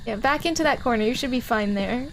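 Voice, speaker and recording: A woman's voice: fairly high pitch, quick pace, creaky, noisy background. A woman streaming a game, chatting casually, giggling and teasing her teammates while guiding them. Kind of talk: casual gameplay chat.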